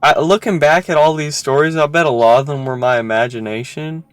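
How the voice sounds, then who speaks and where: A man's voice: a little high, fairly even intonation, a little fast, smooth, no room sound. A man hosting a casual podcast, chatting with a friend and telling stories with lots of laughter. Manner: chatty, laughs often, theatrical storytelling. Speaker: podcast host. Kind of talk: casual chat and storytelling.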